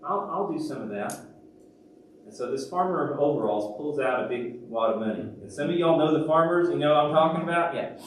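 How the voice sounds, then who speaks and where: Guy preaching, storytelling, goes loud then real quiet, big echo church, mic kinda far. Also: fairly high pitch, fast talker, a little hiss or hum. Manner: animated storyteller, swings from loud to hushed. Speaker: pastor. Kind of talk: sermon with storytelling. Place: church sanctuary. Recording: very echoey church from a distant mic.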